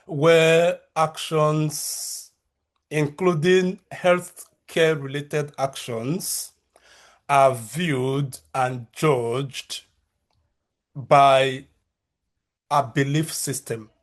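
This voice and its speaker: A man in his thirties with a Nigerian accent, a researcher and lecturer giving a measured conference talk over a video call, with frequent fillers and restarts. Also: on the high side, steady tone.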